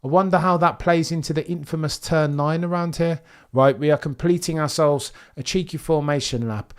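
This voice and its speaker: A young man hosting a live race watchalong stream, chatting excitedly to his viewers. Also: fairly high pitch, normal speed, clear, resonant tone. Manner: excitable, chatty, talks straight to chat. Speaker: livestream host watching a race.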